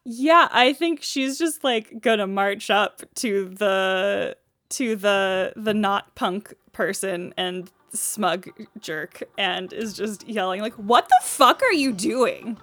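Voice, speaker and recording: A woman playing a tabletop game, talking casually with many fillers and getting forceful in character. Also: mid-range voice, slow, no room sound. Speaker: player.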